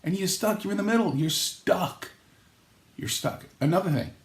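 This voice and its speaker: A man hosting a comedic vlog, rambling through jokes and acting out quoted lines with sudden jumps in pitch. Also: expressive, moderate pace, echoey room, heavy background noise. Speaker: sports vlog host.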